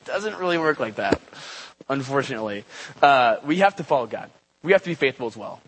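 A young man giving a relaxed, conversational church talk, with many fillers and asides. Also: on the high side, moderate pace, pauses often, breathy edge, rough recording. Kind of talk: casual sermon. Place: church gathering.

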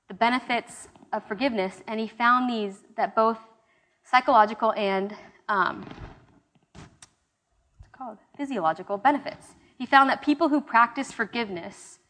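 Young woman, Bible study leader, casual sermon, slightly high voice, chatty with fillers and restarts. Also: a bit bright.

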